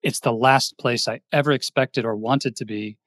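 A man's voice: medium pitch, steady tone, moderate pace, a bit bright, dry recording, clean studio sound. A man, a career coach guest on a podcast, telling his story in an earnest, reflective way. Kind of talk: interview storytelling.

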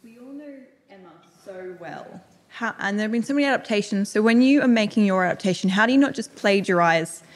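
A woman's voice: medium pitch, a little fast. Woman asking from a distant echoey mic. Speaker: audience member asking a question. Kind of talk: audience question.

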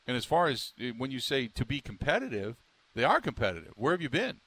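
A man's voice: mid-range voice, big pitch swings, quick pace, a bit bright. A man hosting a sports talk radio show, rambling and emphatic, stumbling through restarts as he riffs on the local team.

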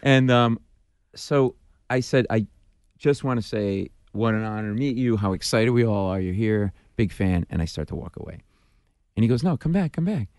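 A man, a stand-up comedian, telling a story in an animated way, acting out the voices and shrieking at the funny parts. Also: fairly low pitch, normal speed, clean tone, dry recording, clean studio sound. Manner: acts out dialogue, mimics screams, self-deprecating.

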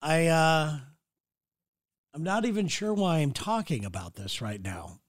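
A man's voice: a little high, expressive, unhurried. A man hosting his own podcast, talking alone in a blunt, rambling way and swearing freely. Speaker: podcast host. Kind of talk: casual solo monologue. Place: city.

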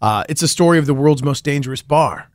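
A man's voice: on the high side, fast talker, no echo, clean studio sound. A man who hosts a podcast, chatting as a guest on a radio show and telling a story with enthusiasm. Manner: enthusiastic storyteller, laughs often. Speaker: podcast host and reporter. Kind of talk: casual radio interview chat.

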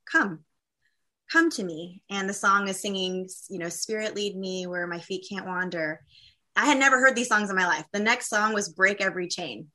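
A woman speaking as a guest in a conversation, telling a personal faith testimony in a candid, halting way with many fillers and restarts. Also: medium pitch, pushed and bright.

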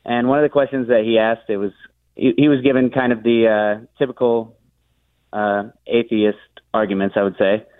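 A man calling a radio show by phone, asking a question in a halting way with many pauses. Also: mid-range voice, steady tone, dry recording. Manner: halting, searching for words. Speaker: caller. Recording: tinny phone line.

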